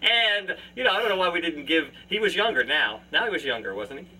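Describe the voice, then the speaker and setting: Host, male, high bright voice, mic at a distance, laughing storyteller doing voices. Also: sing-song, a little fast, breathy edge. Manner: laughs often, acts out voices in anecdotes. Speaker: podcast host and musician. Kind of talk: casual family storytelling. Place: family home, live remote.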